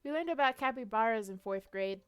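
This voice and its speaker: Streaming a detective role-play, a young woman reads story text and narrates her moves playfully, quick to laugh over faint background music. Her pitch is fairly high, and she sounds animated and smooth.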